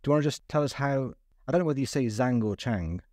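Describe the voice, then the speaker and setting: A man's voice: mid-range voice, animated, fast, a little mellow, no room sound, studio quality. A man hosting a podcast, asking loose, encouraging questions in a casual chat. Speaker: podcast host.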